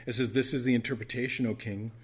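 A man's voice: medium pitch, fairly even intonation, fast, husky. A man preaching an earnest, tender sermon in a church as the pastor.

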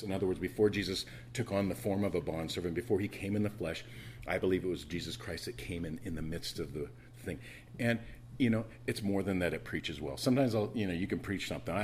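Low-voiced man preaching a conversational sermon. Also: a little hiss or hum. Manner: conversational preaching with repetitions and emphatic rises. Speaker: pastor.

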